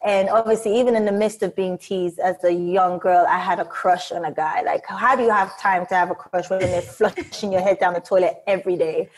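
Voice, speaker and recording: A woman's voice: fairly low pitch, steady tone, fairly quick, hardly any pauses, rough recording. Chatty laughing woman telling stories. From Nigeria. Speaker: guest. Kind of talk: casual interview storytelling.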